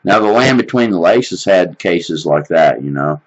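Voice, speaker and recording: A man's voice: low-pitched, animated, moderate pace, lo-fi sound. A man with a Kentucky accent hosting a casual talk show, reacting with short interjections and follow-up questions. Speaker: host. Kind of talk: casual chat.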